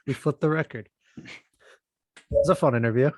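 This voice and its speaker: A man's voice: medium pitch, moderate pace, darkish tone, dry recording. Upbeat man, dry close sound. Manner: upbeat, self-joking. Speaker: podcast co-host. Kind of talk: casual chat.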